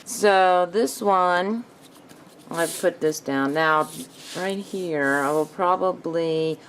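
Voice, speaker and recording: Woman craft host, low voice, slow unhurried delivery, thinking aloud at her craft table, faint noise behind. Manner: thinks aloud while working, self-talk. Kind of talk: casual craft tutorial narration.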